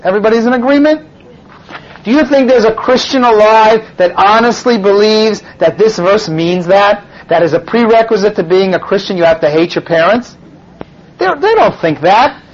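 A man teaching as a rabbi, telling a story and pressing his audience with questions. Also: sits high. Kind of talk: teaching lecture with rhetorical questions. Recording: dull lo-fi recording.

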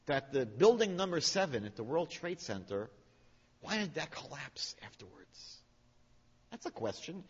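Bible teacher, man, slightly high husky voice, animated questioning delivery, reverberant hall. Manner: animated, questioning, quotes Hebrew slowly. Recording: dull sound with long hall reverb.

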